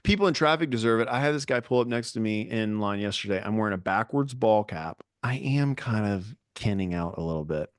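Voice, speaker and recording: A man's voice: lowish voice, lively intonation, a little fast, few pauses, clear, resonant tone, no echo, studio quality. A man co-hosting a podcast, telling rambling, self-mocking stories in casual chat. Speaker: podcast co-host.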